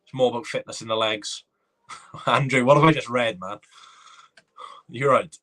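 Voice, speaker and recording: A man hosting a live reaction watchalong, excitable and chatty, reading viewer comments aloud. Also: medium pitch, normal speed, pauses often. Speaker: fan watchalong host.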